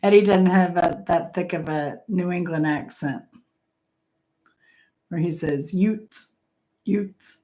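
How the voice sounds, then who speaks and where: A middle-aged woman hosts a casual live-stream trivia game, reading each question aloud and then greeting viewers by name. She speaks in an unhurried, drawn-out way. Her voice sits a little low, and she laughs often between lines. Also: dark tone, rough recording.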